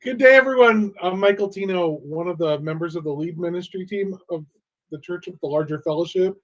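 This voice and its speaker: A man's voice: high voice, brisk, poor audio. A man minister introducing himself in a friendly, slightly hesitant way. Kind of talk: casual introduction.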